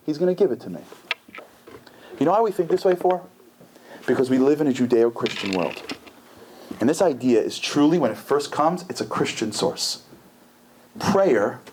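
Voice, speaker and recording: Animated male lecturer, lively pitch. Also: slight background noise. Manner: animated, acts out voices with big pitch jumps. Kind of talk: inspirational lecture. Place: community center lecture hall.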